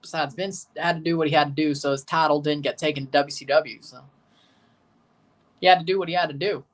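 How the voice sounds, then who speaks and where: A man's voice: fairly high pitch, steady tone, brisk. A young man giving rambling, jokey live commentary while watching a match and chatting to his viewers. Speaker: watchalong streamer.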